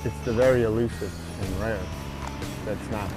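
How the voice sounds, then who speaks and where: A man's voice: fairly low pitch, steady tone, normal speed, poor audio. A man hosting a fishing show from a boat, giving easygoing, joking tips as he fishes. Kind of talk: casual on-boat fishing commentary. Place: outdoors on a boat on the Gulf. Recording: background music over the voice.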